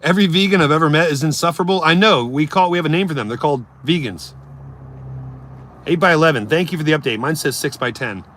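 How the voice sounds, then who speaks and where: A man's voice: on the high side, fast, fairly bright tone. A man live streaming, ranting casually and mocking his chat in a brash, swearing way. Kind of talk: casual comedic rant.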